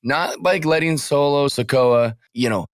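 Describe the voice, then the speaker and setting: Male co-host, mid pitch, dry studio sound, curious, self-deprecating. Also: unhurried, no room sound. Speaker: podcast co-host. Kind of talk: casual wrestling podcast chat.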